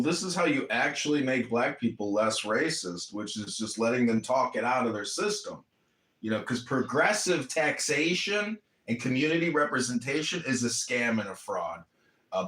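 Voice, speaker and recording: A man's voice: medium pitch, lively intonation, normal speed, fairly bright tone. A man in casual chat, making blunt, provocative statements. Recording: roomy echo.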